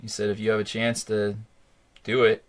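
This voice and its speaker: A middle-aged man hosting a casual movie chat, excitable and rambling. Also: on the low side, moderate pace. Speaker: podcast host.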